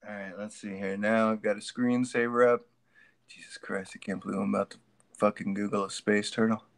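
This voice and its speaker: Gravelly male voice, casual jokey guest on a video call, mutters asides. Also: lowish voice, flat delivery, fairly quick, dry recording. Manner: joking, rambling, mutters to himself. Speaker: guest artist.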